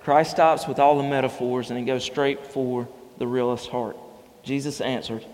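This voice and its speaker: A man's voice: medium pitch, steady tone, moderate pace, darkish tone. A man delivering a sermon in a conversational, storytelling way, his voice sitting in the middle range. The sound carries a long reverb, as if from a large church hall. He moves easily between scripture and homespun anecdotes. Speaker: pastor.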